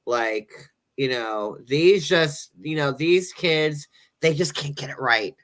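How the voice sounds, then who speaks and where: A man's voice: a little high, lively intonation, takes it slowly, a bit bright. A man hosting a casual podcast chat, rambling and joking with lots of filler words. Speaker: show host.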